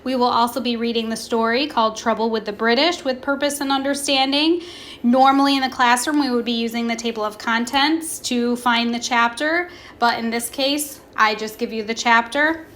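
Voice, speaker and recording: A woman teaching a recorded class, slowly modelling pronunciation and asking questions. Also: fairly high pitch, fairly even intonation, a bit bright, a little hiss or hum. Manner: slow, deliberate, stretches words to model pronunciation; asks questions and pauses for students. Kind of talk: recorded remote classroom lesson.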